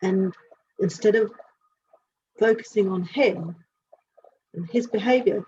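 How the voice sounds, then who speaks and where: A woman working as an animal communicator, giving a live reading and thinking aloud in halting, searching phrases. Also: mid-range voice, a little mellow. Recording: dull lo-fi sound with faint hiss.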